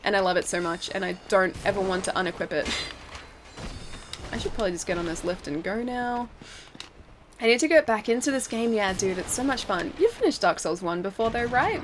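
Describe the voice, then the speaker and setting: A woman's voice: medium pitch, animated, moderate pace, background noise. A young woman streaming a video game, chatting casually with her viewers, reading their messages aloud and laughing often. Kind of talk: casual live-stream commentary while playing.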